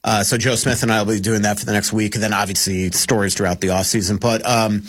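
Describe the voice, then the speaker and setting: A man's voice: fairly low pitch, flat delivery, quick pace, slightly rough. A man who covers hockey, talking casually as a radio guest, rambling with lots of fillers and restarts. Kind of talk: casual radio sports talk.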